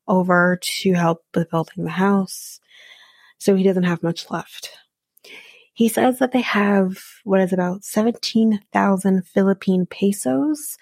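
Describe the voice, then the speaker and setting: A woman's voice: mid-range voice, darkish tone, no echo. A woman hosting a podcast, casually recapping a reality show in a chatty, opinionated way with frequent ums and asides.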